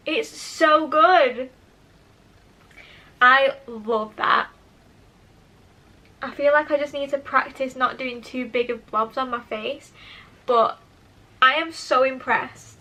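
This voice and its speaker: Speaking into her camera mic, this young woman has a bright, high voice that stays steady and unhurried. She's a beauty vlogger making a casual make-up tutorial, chatty, enthusiastic, and quick to poke fun at herself.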